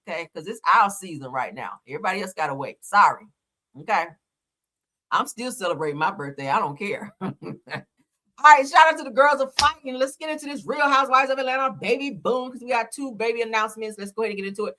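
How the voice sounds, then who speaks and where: A woman's voice: mid-range voice, animated, brisk, bright, forceful tone. A woman hosting a live reality TV commentary stream, chatty, slangy and opinionated. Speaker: channel host. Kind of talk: casual reality TV commentary livestream.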